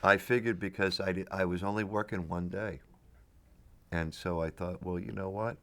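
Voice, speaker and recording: A man's voice: low-pitched, steady tone, normal speed, fairly bright tone. A middle-aged man telling rambling stories in a casual interview. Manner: rambling storyteller with restarts and laughs. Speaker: actor, interviewee.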